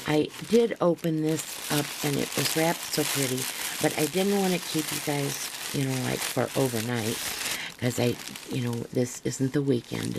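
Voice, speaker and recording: An older woman with a gravelly voice, a craft vlogger chatting to camera as she unpacks a parcel, gushing and rambling with restarts, sometimes dropping to a near-whisper. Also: sits low, background noise. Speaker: craft vlogger showing a haul. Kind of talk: casual show-and-tell to camera.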